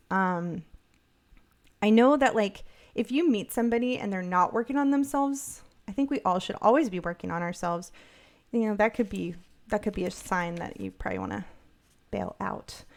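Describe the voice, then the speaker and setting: A middle-aged woman co-hosting a casual podcast chat. She talks in an upbeat, rambling way, full of "um"s and restarts, at an everyday mid pitch. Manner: chatty, upbeat, many fillers and restarts. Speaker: podcast co-host.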